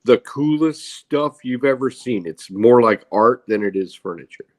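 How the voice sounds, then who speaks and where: A middle-aged man on an online panel who gives measured advice from long work experience. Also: mid-range voice, animated, a little mellow, no room sound. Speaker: panel guest. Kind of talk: casual chat.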